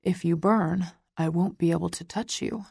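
A woman reading the part of a possessive, teasing young man, speaking in a soft, low murmur. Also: steady tone, normal speed, vocal fry, breathy edge, no echo, clean studio sound, exaggerated voice.

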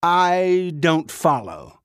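A man's voice: on the high side, sing-song, extremely slow, smooth, dry recording, studio quality, pitched above the performer's own voice, heavily acted. A man voicing a brash, petty middle-aged male president who talks in a raised, indignant voice.

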